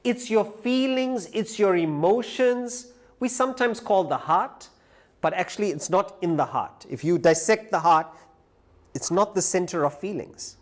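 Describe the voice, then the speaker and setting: A man giving a live lecture who tells a story with animated delivery. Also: high voice, a little slow. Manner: animated storyteller, acts out quoted voices. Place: lecture hall.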